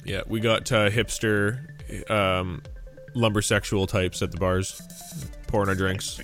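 A man's voice: on the low side, level tone, measured pace, fairly bright tone. A man hosting a casual gaming podcast, rambling, swearing freely and laughing often. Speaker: podcast host. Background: faint game audio and music.

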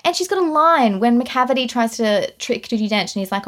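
A woman's voice: a little high, quick pace, hardly any pauses. A woman co-hosting a podcast, ranting in a casual, incredulous way about a film. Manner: animated, incredulous, ranting with laughs. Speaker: podcast co-host. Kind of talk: casual film review chat.

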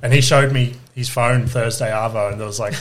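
A man's voice: medium pitch, steady tone, fairly quick, a little hiss or hum. Swearing man telling a story. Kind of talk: casual storytelling chat.

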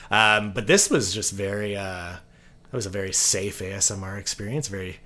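Man, podcast guest, casual interview, very deep voice, bright crisp tone, easygoing, soft-spoken. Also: moderate pace.

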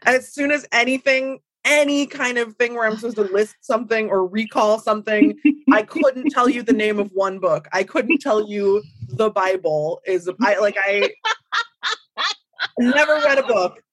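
A woman's voice: on the high side, moderate pace, dry recording, rough recording. A woman guest in casual conversation, talking animatedly and poking fun at herself. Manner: animated, self-deprecating, restarts often. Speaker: guest writer. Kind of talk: casual chat.

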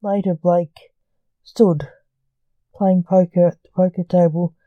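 A woman hosting a podcast, narrating a gothic story in a measured, deliberate reading. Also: on the low side, fairly even intonation, dry recording, phone-quality sound.

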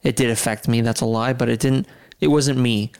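A man with a gravelly yet smooth, resonant voice tells a story on a podcast. He is animated and laughs partway through his sentences, relaxed and conversational. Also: mid-range voice, brisk. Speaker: podcast host. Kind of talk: casual storytelling chat.

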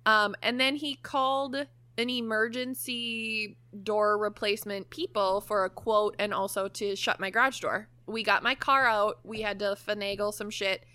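A young woman co-hosting a podcast, telling a story in a lively way, swearing freely and laughing often. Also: mid-range voice, moderate pace, few pauses, no room sound. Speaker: podcast co-host. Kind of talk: casual chat, storytelling.

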